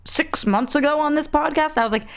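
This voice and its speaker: Bubbly, expressive female co-host. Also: high-pitched, brisk. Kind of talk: casual panel chat.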